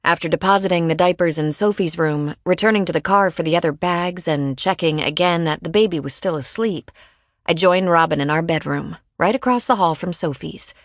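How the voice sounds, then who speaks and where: Low-voiced woman narrating an audiobook. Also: brisk, no echo, clean studio sound. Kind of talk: first-person audiobook narration.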